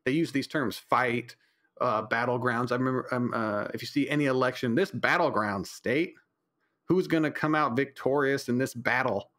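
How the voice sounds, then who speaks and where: A man hosts his own podcast from home in a loose, rambling way. He is blunt and opinionated, with casual swearing, and he often stops to grab for words with "um" and "uh" before pushing on. His pitch is an ordinary middle. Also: moderate pace, a bit bright. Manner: frequent fillers and restarts. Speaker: podcast host. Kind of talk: casual solo podcast talk.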